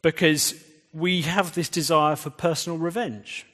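A man's voice: on the high side, steady tone, a little slow, fairly bright tone. A man preaching a sermon in a conversational way, quizzing the audience. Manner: conversational, engages the audience with quiz questions. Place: church. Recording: reverberant church hall.

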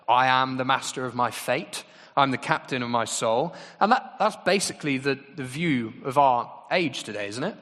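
Conversational preacher with a bright, forceful voice, ringing through a reverberant church hall. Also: male voice, medium pitch. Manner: conversational, asks the congregation questions. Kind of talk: sermon.

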